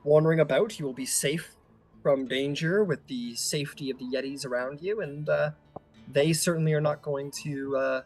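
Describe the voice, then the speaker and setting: A man's voice: a little high, normal speed. Male game master, loose rambling delivery, faint music underneath. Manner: rambling, filler-heavy, relaxed. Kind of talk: narrating a tabletop game.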